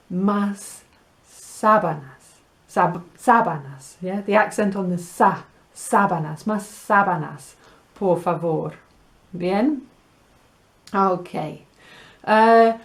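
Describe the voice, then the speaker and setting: A woman teaching Spanish vocabulary, explaining words patiently and sounding them out slowly and playfully. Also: medium pitch, darkish tone. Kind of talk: language lesson.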